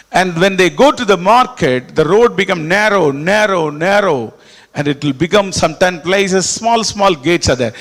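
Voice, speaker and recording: A man preaching a sermon, animated and repetitive, dropping suddenly quiet. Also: sits high. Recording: echoey hall with long reverb.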